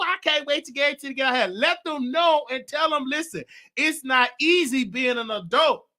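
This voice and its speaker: A man's voice: very high-pitched, sharp tone. A man hosting his own livestream, venting in a casual monologue that is emphatic and repetitive, with a preacher-like way of talking. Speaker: show host.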